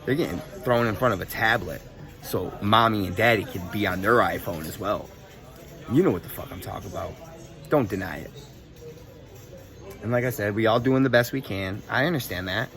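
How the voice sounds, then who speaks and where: A young man telling a story in a casual, profane, animated rant full of street slang. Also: lowish voice, moderate pace. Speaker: vlogger.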